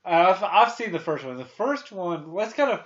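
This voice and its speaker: A man's voice: sits high, sing-song, normal speed, dull audio. A man in his thirties hosting a casual movie review chat, rambling with many restarts and fillers. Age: 30s. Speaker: podcast host.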